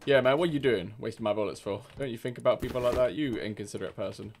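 A man's voice: on the low side, racing, vocal fry, background noise. Cheeky man commentating a game. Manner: cheeky, swearing, mocking other players. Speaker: gaming streamer. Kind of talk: gameplay commentary.

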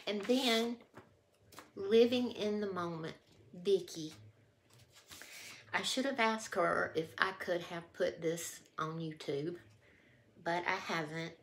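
A woman's voice: fairly low pitch, steady tone, slow, long pauses. A woman vlogger chatting casually to camera, heartfelt and emotional, often trailing off mid-thought. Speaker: haul vlogger.

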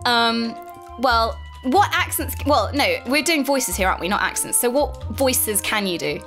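A woman hosting a laid-back gaming session, giggly and full of teasing. Her voice is high and bright, and it leaps up and down as she jokes. She sounds playful rather than scripted. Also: lively intonation, normal speed, faint music behind. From Britain. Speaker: host. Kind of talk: casual chat while playing a video game.

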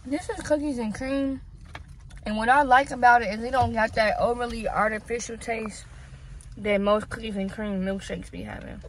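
A young woman talks straight to her viewers as she tastes and reviews fast food, chatty and relaxed, sometimes chewing mid-sentence. Her voice sits a bit high, with a faint hiss behind her. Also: poor audio. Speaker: food vlogger. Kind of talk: casual food review while eating.

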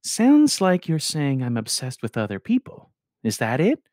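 A man voicing a quirky, playful teenage girl who talks softly and teases. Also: medium pitch, wildly swooping pitch, measured pace, no echo, studio quality, pitched above the performer's own voice. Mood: puzzled.

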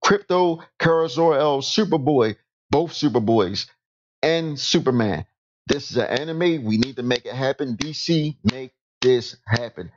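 A man's voice: mid-range voice, a little slow. Rambling man with a dull lo-fi sound. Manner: rambling, self-correcting. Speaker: YouTube host. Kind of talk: casual commentary.

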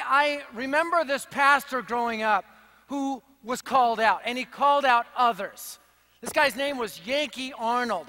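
Evangelist, high and bright voice, punchy and comic, big hall. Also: male voice. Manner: energetic, punchy, joking. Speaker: evangelist speaker. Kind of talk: sermon with humorous storytelling. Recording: long reverb of a big hall.

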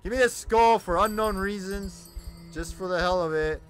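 A young man giving loud, cursing let's-play commentary, yelling at monsters as his voice grows hoarse. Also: sits high, moderate pace, soft background music. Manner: loud, swearing, talks to the monsters. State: voice getting hoarse. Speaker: gamer.

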